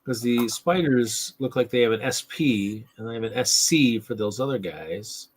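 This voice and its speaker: A man's voice: medium pitch, animated, normal speed, slightly rough. A man hosting a live hobby stream in casual chat, ranting in an exasperated, sarcastic way and often repeating himself.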